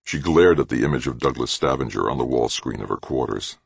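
A man narrating an audiobook in a measured, expressive way. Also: extremely low pitch, vocal fry, slightly rough, no echo. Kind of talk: scripted narration.

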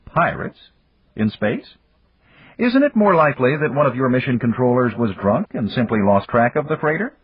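A man's voice: mid-range voice, big pitch swings, normal speed, husky, voice pushed up. A man voicing a brash, confident male entrepreneur who teases and needles in a breezy way. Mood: needling. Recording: dull dry lo-fi recording.

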